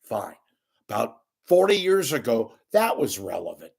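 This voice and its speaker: A man's voice: mid-range voice, very animated, unhurried, vocal fry, darkish tone, breathy edge. An older man giving a sarcastic, scornful solo rant as a media commentator, swearing freely.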